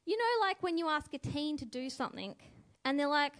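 A woman's voice: high-pitched, fairly quick. A woman giving a reflective spoken devotional, musing and asking the listener questions. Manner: musing, asks listeners questions, lively voice for quotes. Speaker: devotional speaker.

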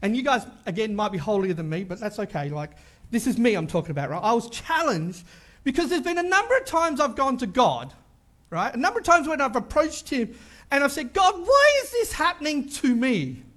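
A man's voice: very high voice, very animated, a little fast, fairly bright tone. A male pastor gives a conversational sermon and keeps checking in with his listeners.

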